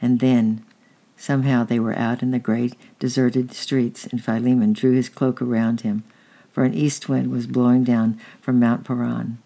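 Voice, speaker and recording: A man reading a story aloud, measured and earnest, with occasional small stumbles. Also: medium pitch, little pitch movement, vocal fry, warm tone. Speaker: narrator.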